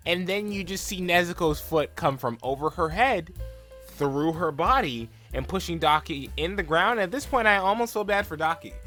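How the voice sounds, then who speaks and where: A young man with a bright, sharp-edged voice talks through an episode recap in a loose, rambling way. He leans on "like" and "um", and slips into quick put-on voices for the characters. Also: high voice, animated, faint music behind. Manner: rambling, filler-heavy retelling, full of "like" and "um". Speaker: anime reaction vlogger. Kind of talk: casual episode recap and reaction.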